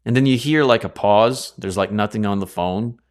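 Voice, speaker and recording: A man with a fairly low voice leads a Bible study. He talks casually and rambles, breaks off to correct himself and drops in chatty asides. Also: normal speed.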